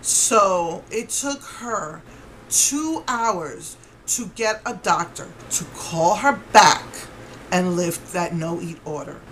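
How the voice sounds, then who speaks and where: A woman's voice: lowish voice, lively intonation, slow, fairly bright tone, a little hiss or hum, poor audio. A woman vlogger telling a story to camera in an indignant, rambling way with many restarts.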